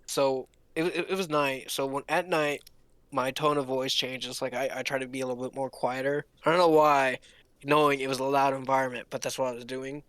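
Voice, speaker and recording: A young man telling a long story casually, rambling with restarts and pitching up to mimic others. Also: steady tone, fairly quick, a bit bright, clear, resonant tone, no room sound. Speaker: podcast co-host. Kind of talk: casual storytelling among friends.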